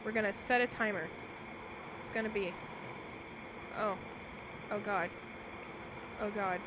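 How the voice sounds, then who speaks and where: A woman's voice: medium pitch, steady tone, a little slow, noisy background. A young woman casually commentating on a cooking game she is streaming, talking playfully to her viewers as she plays.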